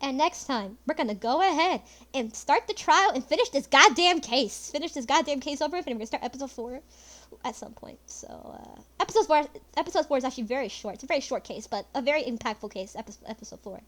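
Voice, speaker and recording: Excited woman doing game commentary. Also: high-pitched, quick pace. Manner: excited, casual, swears freely. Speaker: gaming video host. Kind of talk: casual let's-play commentary.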